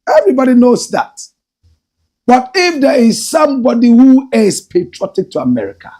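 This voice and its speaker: A middle-aged man with a Ghanaian English accent hosts a commentary show. His gravelly voice swings widely in pitch. A husky edge runs through his emphatic, drawn-out delivery. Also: a little mellow. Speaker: show host.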